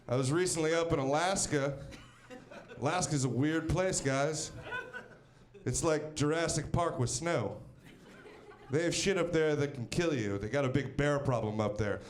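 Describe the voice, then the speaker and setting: A man's voice: fairly high pitch, normal speed. A man from Pennsylvania doing a stand-up comedy set with a punchy, wry storytelling delivery. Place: comedy stage.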